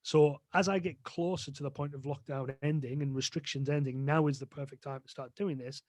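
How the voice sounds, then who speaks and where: A man's voice: on the high side, no room sound. Chatty man explaining dog training. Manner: chatty, explanatory, leans on "kind of" fillers. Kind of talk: casual podcast interview.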